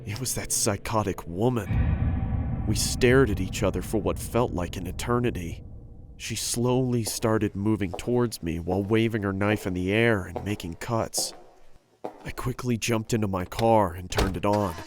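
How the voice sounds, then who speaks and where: A man narrating a first-person horror story in a steady, earnest way. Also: fairly low pitch, measured pace, background noise. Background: background music.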